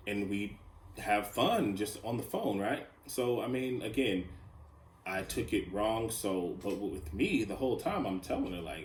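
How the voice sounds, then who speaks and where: A man's voice: fairly low pitch, a little slow. A man talks through a solo podcast in a loose, rambling, confessional way, leaning on fillers. He sounds like he is in an echoey room. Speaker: podcast host. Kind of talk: casual solo podcast monologue.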